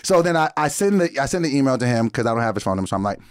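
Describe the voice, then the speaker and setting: A man's voice: mid-range voice, racing, no room sound. A young adult man co-hosting a podcast, telling a story in casual chat and acting out the people in it. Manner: animated, acts out quotes, frequent laughter. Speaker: podcast co-host.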